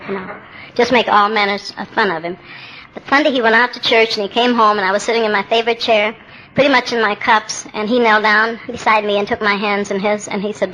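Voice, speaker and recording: A woman's voice: mid-range voice, steady tone, brisk, a bit bright, slight background noise, low-quality recording. A woman in her seventies speaking at a meeting, telling her own recovery story in a candid, plainspoken way with wry humor. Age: 70s. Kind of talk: personal testimony talk.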